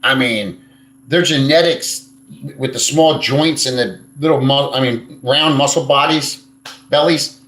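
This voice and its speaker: A man's voice: medium pitch, unhurried, fairly bright tone. A man hosting a casual live stream, answering viewer comments in a blunt, crude and rambling way, swearing freely. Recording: echoey room.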